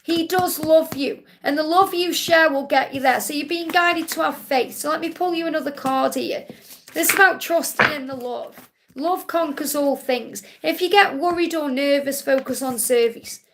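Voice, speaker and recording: A woman's voice: high-pitched, moderate pace, fairly bright tone, slight background noise. A woman hosting a live-stream Q&A as a spiritual card reader, relaying messages in a soothing, reassuring way and often repeating key phrases.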